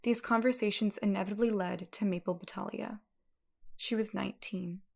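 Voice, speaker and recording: Woman narrating a documentary, bit of vocal fry, earnest and reflective. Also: medium pitch, steady tone, moderate pace.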